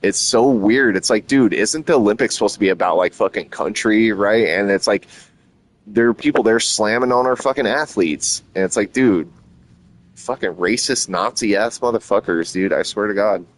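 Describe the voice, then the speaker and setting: Deep-voiced excitable man streaming. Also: moderate pace. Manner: excited, profane, rambling. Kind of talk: casual chat.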